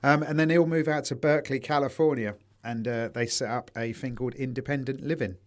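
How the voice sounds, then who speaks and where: A man's voice: mid-range voice, fairly even intonation, fairly quick. A man co-hosting a casual podcast chat, swearing freely and telling anecdotes with quoted voices. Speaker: podcast co-host.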